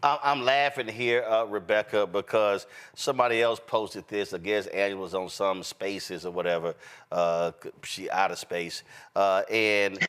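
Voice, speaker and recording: A man's voice: fairly low pitch, fairly even intonation, moderate pace, a bit bright, smooth. A man hosting a political commentary show, talking bluntly and emphatically in a colloquial way. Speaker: host.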